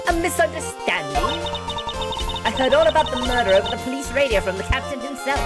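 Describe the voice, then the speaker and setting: A woman's voice: high voice, lively intonation, fast, over loud music, pitched above the performer's own voice. A woman voicing a stern, proud young female prosecutor, with a put-on German accent and a haughty, scolding manner. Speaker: streamer voicing game characters.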